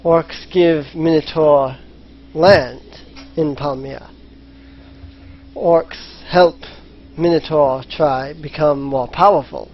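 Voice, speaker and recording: A gruff captive minotaur mangles his grammar in short, blunt phrases, as a man puts him on. He talks slowly in a slightly raised voice. The sound is muffled and lo-fi, with faint hiss behind. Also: a little high, steady tone. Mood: wary. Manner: speaks in broken caveman grammar. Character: gruff male minotaur captive, broken speech. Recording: lo-fi voice chat with faint noise.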